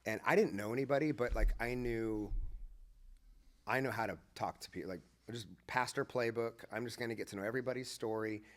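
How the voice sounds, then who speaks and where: A man's voice: medium pitch, fairly quick. A man, a former pastor, telling a story in a casual podcast conversation and acting out the lines of the people in it. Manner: animated, acts out quoted dialogue.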